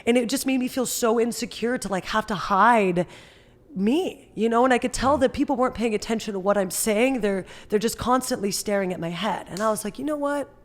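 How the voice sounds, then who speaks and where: A young woman from Northern California, a podcast guest, talking casually and acting out quotes with big leaps in her voice. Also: fairly quick. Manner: animated storyteller, acts out quotes with big jumps up in pitch. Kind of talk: casual interview chat.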